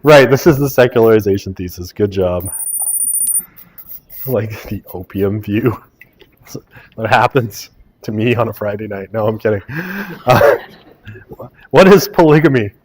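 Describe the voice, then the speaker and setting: A man's voice: lowish voice, lively intonation, normal speed, slight background noise. A man teaching a university sociology class, reading quiz questions aloud and joking with his students. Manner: joking asides, teasing students. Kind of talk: lecture running a class quiz. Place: lecture classroom.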